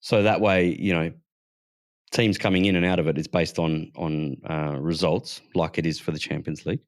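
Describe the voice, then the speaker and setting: A man's voice: sits low, steady tone, moderate pace, no echo, studio quality. A man from Western Australia, co-hosting a casual podcast and ranting heatedly, with swearing. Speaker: podcast co-host.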